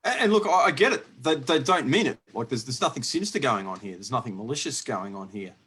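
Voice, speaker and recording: A man hosting a casual podcast chat, rambling with lots of restarts and quick laughs. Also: medium pitch, animated, a bit bright, breathy edge. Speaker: podcast host. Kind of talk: casual conversational interview.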